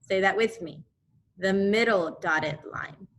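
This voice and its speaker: A woman teaches second graders over a video lesson, speaking into a computer mic. Her voice is bright and clear, and she talks slowly, repeating each term so the children can say it with her. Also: mid-range voice. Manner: slow, repeating drills for young children. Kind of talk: remote class lesson.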